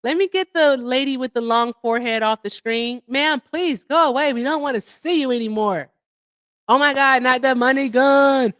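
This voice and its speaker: A woman's voice: high-pitched, moderate pace, a bit bright, no echo, clean studio sound. A woman hosting a livestream in casual chat, chatty and effusive as she thanks her viewers. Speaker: livestream host.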